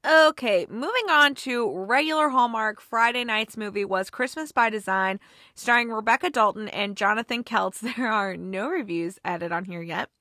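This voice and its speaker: A woman with a bright, crisp voice chats casually about holiday movies. She gushes and gets emotional, scattering fillers as she goes, and her voice sounds dry and close, with no room around it. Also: on the high side, moderate pace, dry recording. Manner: gushing and emotional, with many fillers. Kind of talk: casual chat.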